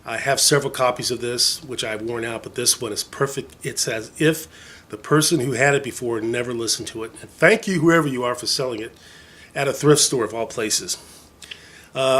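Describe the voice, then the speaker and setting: A man's voice: mid-range voice, fairly bright tone, husky. A man casually showing off his record collection in a vlog, enthusiastic and rambling, full of fillers and jokey asides. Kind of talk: casual show-and-tell vlog.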